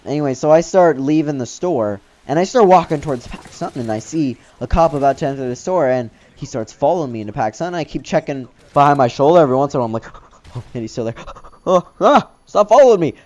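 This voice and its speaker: Male gaming host, loose rambling storyteller, mellow dark tone, dull lo-fi mic. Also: mid-range voice. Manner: rambling, loose, filler-heavy talk. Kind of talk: casual storytelling over gameplay commentary.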